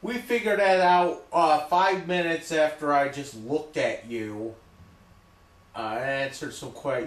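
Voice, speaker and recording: Man vlogger, loud and emphatic, drawn-out delivery, roomy echo. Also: fairly high pitch. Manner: loud, repetitive, emphatic, keeps saying okay. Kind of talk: ranting monologue to camera.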